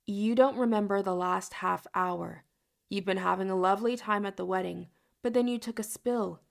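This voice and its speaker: A woman's voice: mid-range voice, moderate pace, vocal fry, close to an everyday voice. A woman voicing a soothing, coaxing older sister in an audiobook.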